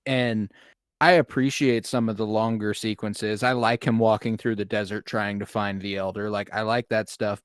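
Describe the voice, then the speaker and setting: A man's voice: on the low side, no room sound, studio quality. A man co-hosting a podcast, chatting casually and opinionatedly about a movie, swearing now and then with plenty of ums. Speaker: podcast co-host. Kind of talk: casual movie review chat.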